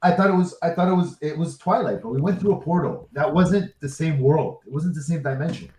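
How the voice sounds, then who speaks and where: A man co-hosting a podcast, chiming in with excitable jokes in casual chat. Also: a little high, brisk, low-quality recording. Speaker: podcast co-host.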